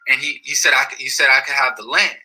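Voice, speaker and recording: A man's voice: medium pitch, fast talker, breathy edge, rough recording. A man casually telling a story in slangy speech, often restarting and repeating phrases. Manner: slangy, repetitive, restarts phrases, animated retelling. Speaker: storyteller recounting his experience.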